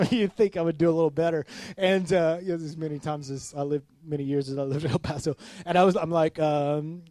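Animated, self-mocking male preacher. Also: fairly high pitch, no room sound. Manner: animated, self-mocking, gets loud and excited. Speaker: pastor. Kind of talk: sermon storytelling.

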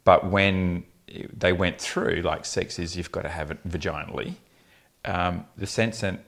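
A man's voice: deep voice, fairly even intonation, a little slow, fairly bright tone. A man, a fertility specialist telling blunt, funny patient stories in a casual podcast chat. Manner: anecdotal, laughing often, blunt humour.

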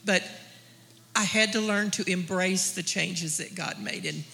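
A woman's voice: lowish voice, measured pace, gravelly, bright, forceful tone, big-room sound, rough recording. A mother sharing on a church panel in a homespun way, laughing now and then.

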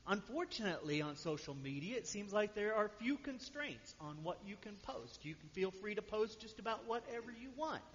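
In a high, sing-song voice that's a bit bright, a pastor preaches conversationally to his congregation at normal speed with few pauses, often asking "right?". He's in a church sanctuary, and the recording is dull, with long hall reverb and slight background noise.

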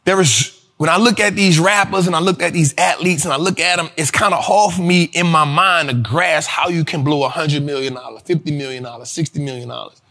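Excitable, high-voiced man riffing to viewers. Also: fairly quick, hardly any pauses. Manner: animated, profane, laughs at his own jokes; addresses viewers directly as y'all. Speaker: show host. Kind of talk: casual monologue on money and investing.

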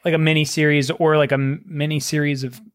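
A man co-hosting a casual film chat, speaking haltingly, with lots of fillers and restarts. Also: a little high, little pitch movement. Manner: hesitant, many fillers and restarts. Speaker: podcast co-host.

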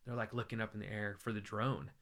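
Bright-voiced American man telling stories. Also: on the low side, quick pace. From United States. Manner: animated, joking, acts out quoted voices. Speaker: evangelist guest. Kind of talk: conversational storytelling.

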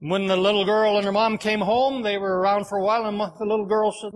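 A man preaching a sermon, telling a folksy farm story in an unhurried, homespun way. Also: high voice, steady tone.

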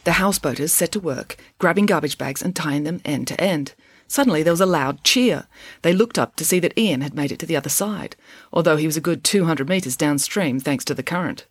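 A woman reads a children's chapter book aloud with expressive storytelling. Her voice is on the low side and lively in pitch, recorded close and dry with no room sound. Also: fairly quick, husky, no echo. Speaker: audiobook reader.

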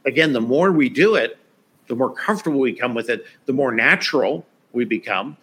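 Bright man, chatty and laid-back, laughs easily, keeps asking "right?". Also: mid-range voice, a little fast, breathy edge. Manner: relaxed and chatty, laughs often, says "right?". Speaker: LinkedIn expert co-host. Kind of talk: casual live-stream chat.

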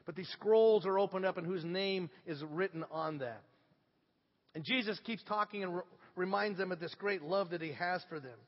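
A middle-aged man preaching a sermon, telling stories with lively swings from hushed to loud. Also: high-pitched, normal speed. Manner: animated storytelling, swinging from hushed to shouting. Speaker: pastor. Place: church sanctuary. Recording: dull sound with long hall reverb.

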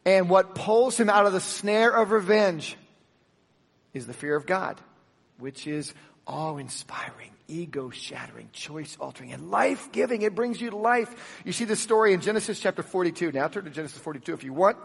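A man preaching a sermon with animated, emphatic delivery, swinging from loud peaks to soft drops and acting out the dialogue of the story. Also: high-pitched, a little fast, in a large hall. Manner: acts out the dialogue of the Bible story. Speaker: pastor.

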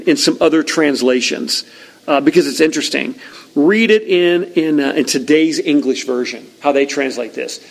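A man's voice: a little high, gravelly, rough recording. A male pastor preaching a conversational, emphatic sermon with frequent asides to the congregation.

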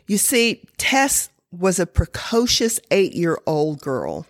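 A woman telling a true story in a slow, deliberate, expressive sermon style. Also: lowish voice, no echo, studio quality.

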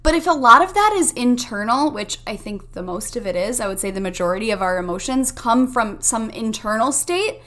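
A woman's voice: fairly high pitch, animated, brisk, few pauses, fairly bright tone. A young woman hosting a self-help podcast, talking straight to her listeners in an upbeat, emphatic way. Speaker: podcast host. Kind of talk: motivational self-help monologue.

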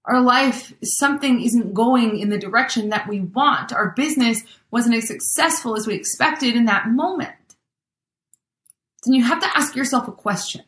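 A woman with a fairly high voice talks through a motivational message in a casual, conversational way. She keeps acting out small everyday scenes with exclamations. The sound carries a noticeable room echo. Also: moderate pace, a bit bright. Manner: chatty, acts out everyday scenarios with exclamations. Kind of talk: motivational talk.

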